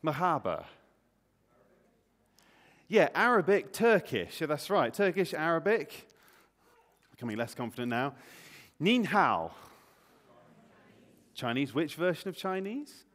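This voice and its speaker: Lively man leading a church talk. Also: fairly high pitch, measured pace, long pauses. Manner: lively and playful, quizzing the audience. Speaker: preacher. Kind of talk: Easter all-age talk to a congregation. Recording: long hall reverb.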